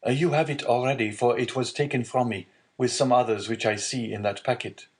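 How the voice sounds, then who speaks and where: A man's voice: medium pitch, steady tone, a little fast, voice pushed up, natural voice. A man reading an earnest young sailor.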